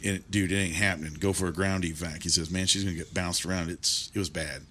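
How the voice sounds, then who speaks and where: A man, hosting an interview and telling stories in a lively way, quoting people with animation. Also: sits low, fast, a little hiss or hum. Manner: lively storyteller, animated when quoting others. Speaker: interview host. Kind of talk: casual interview chat, telling a story.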